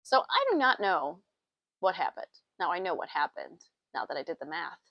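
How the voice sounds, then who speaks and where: A woman's voice: lowish voice, very animated, moderate pace, creaky, no echo, highs cut off. A woman hosting a knitting podcast, chatting casually and a bit out of breath, often laughing at herself. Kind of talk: casual chat. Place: small farm with sheep.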